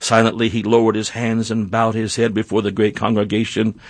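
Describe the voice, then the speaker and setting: A man telling a history story in an earnest, measured way, with a few small slips and restarts. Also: fairly low pitch, flat delivery, no echo. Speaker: narrator. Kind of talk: scripted history narration.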